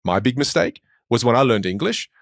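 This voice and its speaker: A man with an Australian accent, a speech coach talking in a podcast interview with quick, emphatic storytelling. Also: mid-range voice, expressive, vocal fry, dry recording, studio quality.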